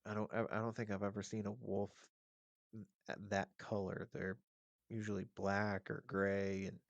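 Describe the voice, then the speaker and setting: Male podcast guest, low pitch, loose profane storyteller, dry recording. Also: normal speed, gravelly, dry recording, dull audio. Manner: animated, profane, rambling with fillers. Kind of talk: casual storytelling.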